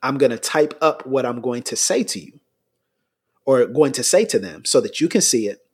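A middle-aged American man, a pastor, telling stories in a relaxed podcast conversation, laughing between points. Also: medium pitch, moderate pace, husky.

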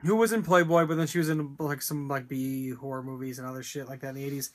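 A man's voice: mid-range voice, steady tone, fast. A man co-hosting a casual podcast, rambling through a movie recap with laughs and crude jokes. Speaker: podcast co-host. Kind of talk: casual movie discussion chat.

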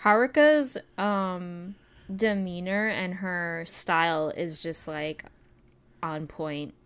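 A woman co-hosting a casual anime podcast, talking deliberately and pausing on fillers. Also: on the low side, smooth. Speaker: podcast co-host. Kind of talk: casual chat.

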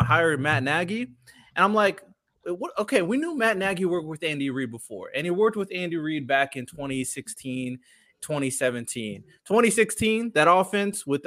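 Bright-voiced man making his case. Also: fairly high pitch. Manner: analytical, builds points with stats. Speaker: co-host. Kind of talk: casual sports debate.

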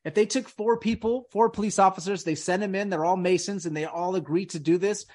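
Speaking a little fast in a high voice with a darkish tone, this podcast host chats casually about conspiracies. His talk wanders and hits hard, full of "dude" and "man."

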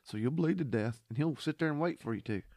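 A man's voice: fairly high pitch, expressive, fast, a little mellow, no echo, clean studio sound. A man co-hosting a podcast in casual chat, laid-back, swearing and laughing often. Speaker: podcast co-host.

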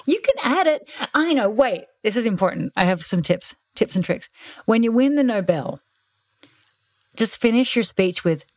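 A woman hosting a relaxed interview, her voice sitting a little high. She teases her guest and fires off quick jokes in a playful, chatty manner. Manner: teasing, quick-witted, joking.

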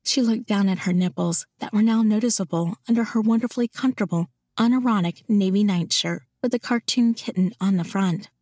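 A woman reading a romance novel aloud in an even, intimate storytelling voice. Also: mid-range voice, fairly quick, few pauses, no echo, studio quality. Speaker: audiobook narrator. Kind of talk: scripted narration of a romance novel.

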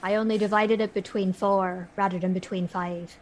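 A woman playing a tabletop game, chatting quickly and casually. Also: mid-range voice, little pitch movement, slight background noise, low-quality recording. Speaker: player.

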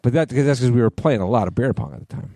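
Hoarse, chatty man. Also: mid-range voice, expressive, very fast, warm tone, dry recording. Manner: chatty, reads listener questions. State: hoarse, clearing throat. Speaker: podcast co-host. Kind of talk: casual chat.

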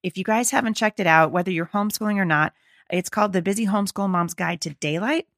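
A middle-aged woman hosting a faith-based podcast, slightly hoarse and gravelly, talking in an earnest, encouraging, conversational way. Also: mid-range voice, fast talker, fairly bright tone, no echo, studio quality. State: slightly hoarse, losing her voice. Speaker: podcast host.

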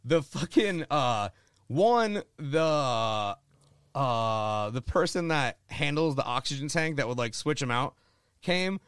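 A man's voice: medium pitch, lively intonation, slow, fairly bright tone, smooth, no echo, clean studio sound. A young man from Florida, telling a rambling, profane story in casual chat, full of "like" and swearing. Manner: rambling, heavy filler "like", swears a lot.

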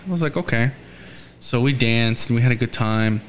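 A man's voice: mid-range voice, fairly quick, slight background noise. A young man in casual talk, telling a rambling story and acting out the voices of the people in it.

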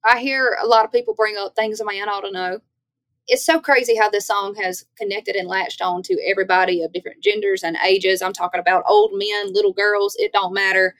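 A woman's voice: medium pitch, fairly quick, no echo. Southern woman with a Louisiana accent. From Northeast Louisiana. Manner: animated, folksy storytelling. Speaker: country singer guest. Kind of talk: podcast interview.

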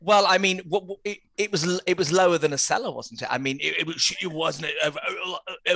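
A man's voice: on the high side, expressive, a little fast, vocal fry, few pauses, bright, forceful tone, no echo. A man who works as a tour guide, talking as a guest in a casual chat, hesitant and repeating words.

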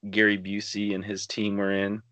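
A man's voice: lowish voice, monotone, normal speed, bright, forceful tone, no echo. A man hosting an interview, chiming in with brief reactions and questions. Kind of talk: casual interview.

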